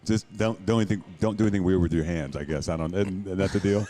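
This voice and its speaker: A man's voice: low voice, fast talker, dark tone, a little hiss or hum. A man hosting a beer podcast in casual banter, laughing often. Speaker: podcast host. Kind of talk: casual chat.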